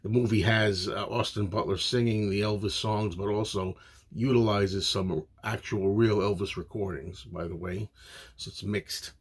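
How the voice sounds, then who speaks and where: A man's voice: on the low side, fairly even intonation, moderate pace, breathy edge. A man giving a casual, opinionated spoken movie review, rambling with frequent fillers.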